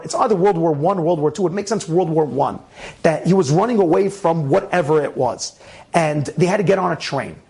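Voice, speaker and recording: A man with a raspy voice telling a Torah story in a lively way, with restarts and sound effects. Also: high-pitched. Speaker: Torah speaker. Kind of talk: animated storytelling talk.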